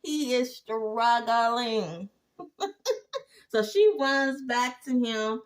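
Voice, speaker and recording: A woman giving a casual, animated TV episode recap with exclaiming asides. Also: a little high, very slow. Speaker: TV recap host.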